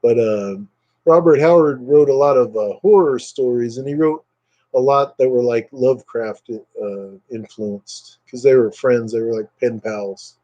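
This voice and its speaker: A man with a warm, mellow voice hosts a casual livestream from home. He rambles easily, pauses on fillers and reads viewer comments aloud in a relaxed way. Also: medium pitch, lo-fi sound. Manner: relaxed, hesitant with many fillers. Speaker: livestream host.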